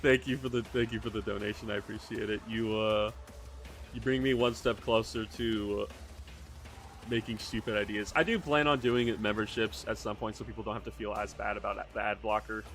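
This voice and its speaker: A man talking loosely on a livestream, wandering from thought to thought and cursing casually. His voice sits a little low. Faint music plays in the background. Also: steady tone, a little fast, fairly bright tone. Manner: rambling, swears casually, reads chat aloud. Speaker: streamer. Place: home hobby room.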